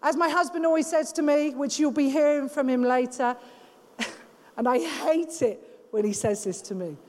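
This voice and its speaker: Rich: A woman with a very high voice preaching to a room of women. She exhorts with emphatic, animated conviction. Her voice carries a long, ringing hall reverb. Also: moderate pace, slight background noise. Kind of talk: sermon.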